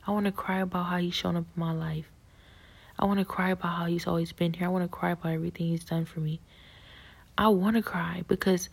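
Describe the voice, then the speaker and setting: Woman, husky gravelly voice, soft halting half-whisper, personal faith testimony. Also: on the low side, level tone.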